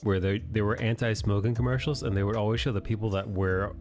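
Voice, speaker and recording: A man's voice: fairly low pitch, steady tone, fast, a little mellow, soft background music. A man hosting a live drawing stream, chatting casually with swearing and frequent laughs. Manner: joking, swears freely, laughs often. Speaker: stream host. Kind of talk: casual chat while drawing.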